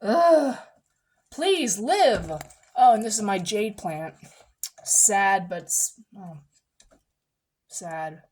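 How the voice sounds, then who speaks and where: Talking slowly with long pauses, a young woman who works in massage therapy rambles through a casual vlog. She's animated and chatty, acting out what people said and occasionally sinking to a low mutter.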